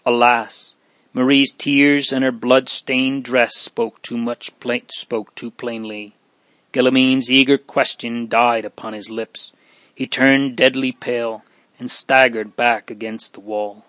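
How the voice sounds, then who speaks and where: A man reads an audiobook in a hushed, solemn, measured manner, his melody steady and flat at a mid pitch. The recording is close and dry, with no room sound at all.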